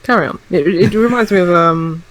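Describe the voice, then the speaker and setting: A woman's voice: lowish voice, brisk. A woman co-hosting a podcast in casual chat, dropping wry, dry quips. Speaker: podcast co-host.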